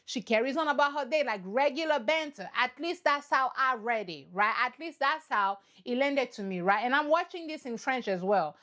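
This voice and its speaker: A woman giving casual, animated reaction commentary on a reality show, playful and repeating points for effect. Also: high voice, moderate pace, few pauses. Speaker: reaction vlogger.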